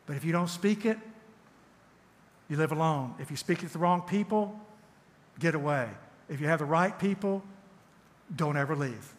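A man giving a sermon in a church, emphatic, swinging from loud urging to hushed tenderness and repeating his phrases. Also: a little high, normal speed, long pauses. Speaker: church speaker. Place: church hall. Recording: echoey church hall with long reverb.

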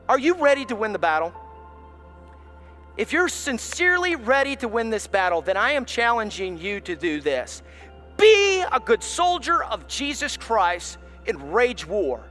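A man preaches a passionate sermon in a high, bright voice. His pitch leaps and falls in a lively way as he drops to near-hushed lines and then rises to shouts. Faint music plays underneath. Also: measured pace. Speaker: pastor.

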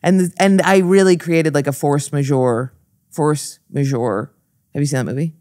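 Brash, animated female podcast guest; storyteller who swears freely. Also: deep voice, moderate pace, no echo, clean studio sound. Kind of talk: casual chat, storytelling.

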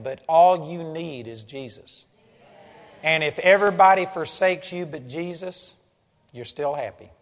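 A man preaching a sermon in a blunt, folksy way, joking with the crowd. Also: on the high side. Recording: dull lo-fi sound with long hall reverb.

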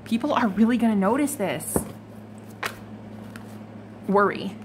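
A woman's voice: medium pitch, lively intonation, measured pace, background noise. A woman giving a casual, chatty tarot reading to her viewers, swearing freely and laughing now and then. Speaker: tarot reader.

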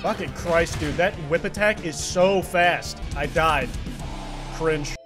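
A young man doing excitable, profane commentary while playing a fighting game. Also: fairly high pitch, slow, over music. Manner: excitable, swears a lot. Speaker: gaming streamer.

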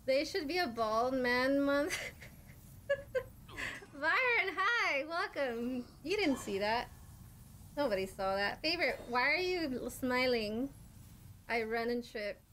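A young woman streaming a game live, chatting with viewers, swearing and shouting at enemies. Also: high-pitched, slow pace, pauses often, a little hiss or hum. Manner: excitable, swears and screams at enemies. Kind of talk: live gameplay commentary.

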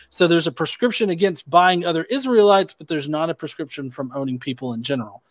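A man's voice: on the high side, fast, hardly any pauses, no echo. A man debating online, probing with questions, hesitant with many restarts and fillers. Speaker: atheist debater.

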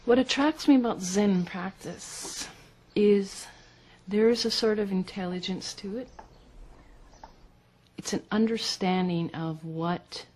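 Thoughtful woman in her fifties, lowish voice. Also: darkish tone, husky. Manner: thoughtful, slow, searching for words. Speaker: interviewee. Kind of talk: reflective personal account.

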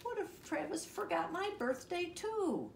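Woman doing a squeaky boy frog. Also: big pitch swings, normal speed, slight background noise. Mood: worried. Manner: high-pitched, eager. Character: young boy frog, bouncy and easily worried. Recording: roomy, distant home recording.

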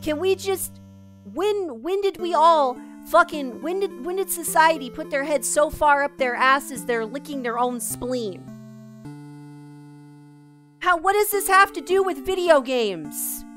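A woman's voice: high voice, animated, unhurried, fairly bright tone, soft background music. A woman streamer venting angrily and profanely to her live chat, exasperated and swearing. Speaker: streamer host. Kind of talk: heated live-stream rant.

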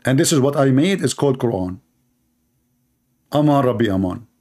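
Brief: sarcastic commentator, a man with an Arabic accent, middle pitch, broken grammar, mocking delivery, repeats words. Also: animated, moderate pace, darkish tone. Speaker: Christian apologist commentator. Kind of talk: mocking monologue.

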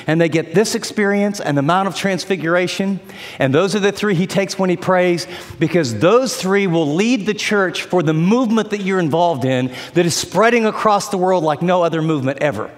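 A man with a fairly high voice preaches a sermon, animatedly telling a story and acting out the voices of its characters. A long reverb tail follows his words.

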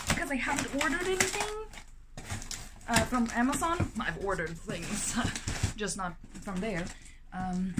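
A young woman vlogging from her apartment as she unboxes a package, chatty and excitable, gasping and exclaiming with lots of fillers. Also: high-pitched, very noisy. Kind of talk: casual unboxing vlog.

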